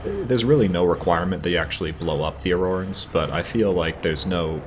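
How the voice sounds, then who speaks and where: A man's voice: sits low, brisk, slight background noise. A man hosting a let's play, reading game text and chatting wryly over gameplay. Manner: relaxed, wry, easygoing. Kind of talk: casual gameplay commentary and story reading.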